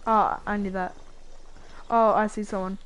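Hesitant soft-spoken woman gamer. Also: medium pitch, flat delivery, a little slow, a little hiss or hum. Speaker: gamer hosting her channel. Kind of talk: casual chat while gaming.

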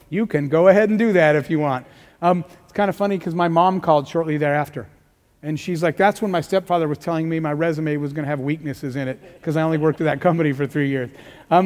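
A middle-aged man giving an energetic motivational talk as a keynote speaker, telling stories and acting out the dialogue. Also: fairly high pitch. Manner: energetic storytelling, acts out dialogue, rising emphasis. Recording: long hall reverb.

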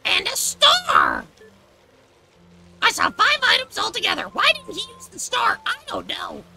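A man voicing a frightened little mushroom-man helper in a video game, squeaky, fretful and excitable. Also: unhurried, creaky, a crowd in the background, heavily acted, rough recording. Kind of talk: reading game dialogue aloud.

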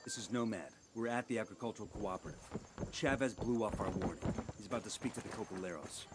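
An actor playing a terse, calm special-forces operator who speaks in a clipped, matter-of-fact way. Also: male voice, on the low side, fast talker, very noisy, natural voice.

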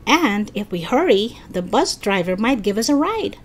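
A woman reading a storybook aloud and voicing a quick, outspoken third-grade girl in a higher voice. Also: big pitch swings. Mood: matter-of-fact.

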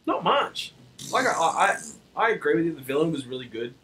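A man's voice: a little high, very animated, a little fast, sharp tone, low-quality recording. A man co-hosting a podcast in casual chat, dropping dry wisecracks. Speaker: podcast co-host.

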